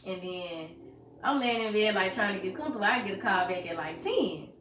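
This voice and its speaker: Young woman, bright voice, animated storytelling, roomy echo. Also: medium pitch, a little fast, a little hiss or hum. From Arkansas. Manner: animated retelling, acts out quoted voices, swears freely. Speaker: podcast co-host. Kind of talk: casual emotional storytelling.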